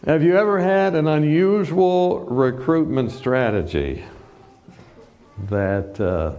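A male preacher giving a sermon, telling a personal story with lively acted-out quotes and frequent laughs. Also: a little high, slow, highs cut off. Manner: animated storyteller, acts out quotes, laughs often.

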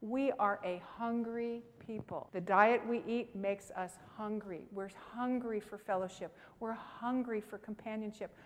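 A woman presenting a health seminar, teaching with personal stories in an emphatic, animated way and speaking straight to the audience. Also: mid-range voice, measured pace, few pauses, long reverb tail.

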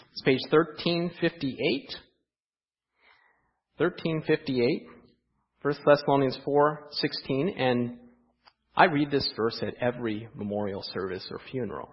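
A man preaching a sermon in a church, asking the congregation rhetorical questions and moving between quiet asides and raised emphasis. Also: mid-range voice, husky, dull audio. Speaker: pastor. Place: church sanctuary.

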